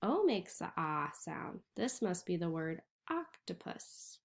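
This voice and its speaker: Slow, patient woman teaching reading. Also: on the low side, very animated. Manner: slow, clearly sounding out letters. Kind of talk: reading lesson for young children.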